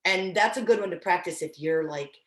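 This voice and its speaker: A woman's voice: fairly low pitch, fairly quick, reverberant. A woman instructor teaching dog training in a casual, encouraging way, often restarting her sentences. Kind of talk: online training class.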